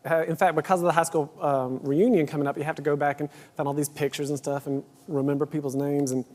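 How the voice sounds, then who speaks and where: A man's voice: a little high, flat delivery, fast talker, a little mellow. A man from Georgia, a talk show guest telling funny stories politely and earnestly. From Georgia, USA. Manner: polite, earnest, says yes sir. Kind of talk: comedic anecdotes. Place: TV studio.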